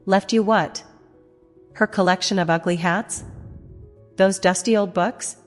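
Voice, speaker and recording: A woman voicing a clipped, impatient husband who turns low and urgent. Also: fairly even intonation, unhurried, natural voice. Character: curt, controlling husband. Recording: long reverb, music behind.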